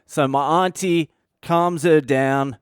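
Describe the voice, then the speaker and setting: A man's voice: a little high, fairly even intonation, slow pace, smooth, no room sound, clean studio sound. A man in his thirties with an Australian accent, telling a story in a blunt, casual style with lots of swearing. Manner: swears constantly, blunt and conversational. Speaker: comedian and podcast host.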